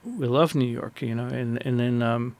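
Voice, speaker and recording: A man who is a guest on a radio interview, telling a personal story in an animated, rambling way with many restarts. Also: mid-range voice, moderate pace, no echo.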